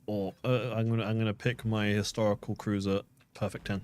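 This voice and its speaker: A man's voice: fairly low pitch, brisk, clear, resonant tone, no echo. Joking man co-hosting a game stream. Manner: joking, teasing, relaxed. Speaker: co-host on the stream. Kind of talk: casual banter while playing.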